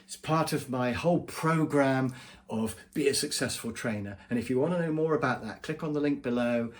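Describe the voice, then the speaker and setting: A man's voice: mid-range voice, moderate pace. A man, a business trainer, giving advice straight to camera in a conversational way. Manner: conversational, acts out quoted voices. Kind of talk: direct-to-camera advice vlog.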